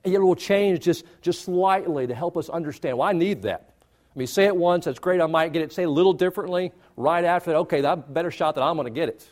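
Guy preaching a sermon, slightly high voice, punchy and repetitive, pushes up for emphasis. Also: fast talker, a little mellow. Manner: emphatic, repeats phrases and rises for stress. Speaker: pastor.

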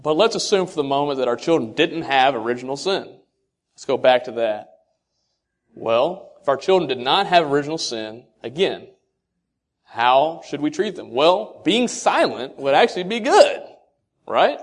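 A man giving a sermon-style talk to fathers, asking rhetorical questions and quoting scripture, his delivery swinging between soft and loud. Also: a little high, animated, normal speed. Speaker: speaker addressing fathers.

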